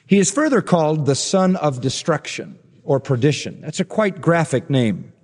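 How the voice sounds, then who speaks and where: A man's voice: a little high, lively intonation, moderate pace, darkish tone. A man preaching an expository sermon, emphatic, asking rhetorical questions and repeating phrases for force. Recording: long hall reverb.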